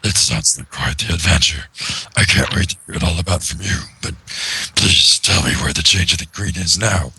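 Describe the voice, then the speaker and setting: A man reading the part of a calm, regal female pony princess in a formal, measured way, with a very husky voice. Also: deep voice, exaggerated voice. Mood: composed. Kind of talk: reading a comic aloud in character.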